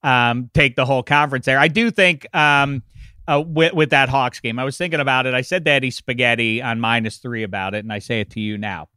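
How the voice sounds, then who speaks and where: A man co-hosting a casual sports podcast, rambling with halting restarts on a close mic. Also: medium pitch, pushed and bright, clean tone, dry recording. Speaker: podcast co-host.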